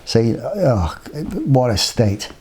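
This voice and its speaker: A man's voice: mid-range voice, big pitch swings, drawn-out words, a little mellow, slightly rough. A man telling a personal story in a rambling, colloquial way, often voicing his own past remarks. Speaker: interviewee recounting a personal ordeal. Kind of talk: casual spoken storytelling.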